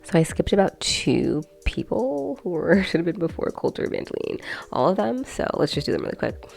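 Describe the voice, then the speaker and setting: A woman's voice: lowish voice, very animated, a little fast, vocal fry, darkish tone, soft background music. A young woman hosting her own video, chatting casually to camera and rambling with lots of fillers and asides. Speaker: video host.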